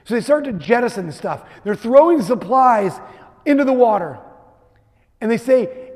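High-voiced man preaching in an echoey hall. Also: normal speed, long pauses. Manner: lively storytelling, frequent "right?" asides. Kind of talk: sermon with personal story.

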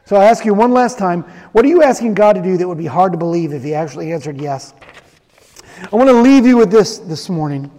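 Recorded in a large hall with a lengthy reverb, a man preaches in a high-sitting, mellow voice that is animated and fairly quick. As pastor, he performs the characters of a story and then talks directly to the congregation.

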